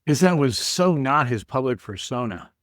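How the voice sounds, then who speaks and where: A man's voice: medium pitch, very animated, normal speed, fairly bright tone, no room sound, studio quality. A man hosting a podcast, asking questions in a casual, curious way. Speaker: podcast host. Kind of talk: casual interview.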